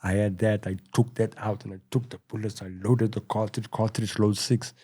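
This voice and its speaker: A middle-aged South African man telling his story in a casual interview, rambling and full of "you know," going quieter at tense moments. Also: lowish voice, fairly even intonation, normal speed, slightly rough. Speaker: podcast guest.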